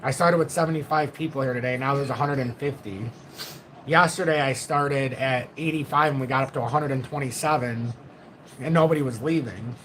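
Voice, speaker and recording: A middle-aged man hosting a casual livestream from home, reading viewer comments in a deliberately low, calm voice. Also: slight background noise, low-quality recording. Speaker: livestream host.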